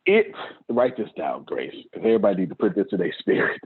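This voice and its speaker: Husky guy giving a pep talk on a video call, repeats himself a lot, sounds like a phone line. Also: sits low, big pitch swings, fast talker. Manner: preachy, repeats phrases, laughs often. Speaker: host. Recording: tinny phone-like call audio.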